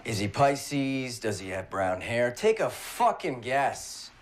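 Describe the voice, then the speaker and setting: An actor playing a dry, sarcastic police detective leaning on an informant. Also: male voice, medium pitch, big pitch swings, slow, slight background noise. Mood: sardonic.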